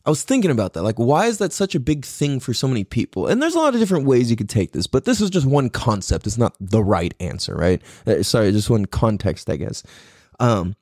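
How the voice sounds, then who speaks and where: A man's voice: mid-range voice, very animated, fairly quick, a little mellow, dry recording, clean studio sound. A young man hosting a podcast alone, rambling casually with lots of laughs and slang. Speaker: podcast host. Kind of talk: solo casual podcast chat.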